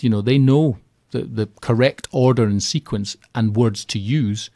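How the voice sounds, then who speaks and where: A man talking as a guest in a radio interview, chatty and animated, acting out little quotes as he goes. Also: medium pitch, measured pace, no room sound, clean studio sound. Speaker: radio guest, keynote speaker on property finance. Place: radio studio.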